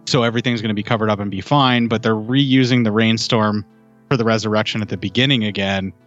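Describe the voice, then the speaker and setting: A low-pitched man recaps a film in relaxed, casual chat, walking through the scenes in detail. Faint music plays quietly behind him. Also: fast, highs cut off.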